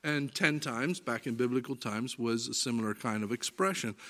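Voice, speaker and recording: A man teaching through Bible passages, reading verses aloud and explaining them with lively, varied inflection. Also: medium pitch. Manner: animated, varies inflection and reads scripture aloud.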